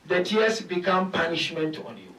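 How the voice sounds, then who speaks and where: A man with a very high, bright voice preaches slowly and deliberately, counting out his points and asking rhetorical questions. His emphatic delivery swells to shouted peaks. He sounds far from the mic in an echoey hall. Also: very animated. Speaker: sheikh giving a lecture. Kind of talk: sermon. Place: large mosque hall.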